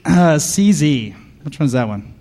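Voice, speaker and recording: A man giving a comedic conference talk, deadpan and sarcastic, bantering with the audience from the stage. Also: fairly high pitch, a little slow. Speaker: conference speaker.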